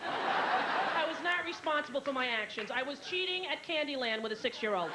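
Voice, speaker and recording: Performing stand-up before a live crowd, a thirtysomething woman brashly recounts family tales and impersonates her relatives. She speaks at an ordinary pace in a high register with lively intonation. Loud laughter from the audience fills this noisy VHS recording.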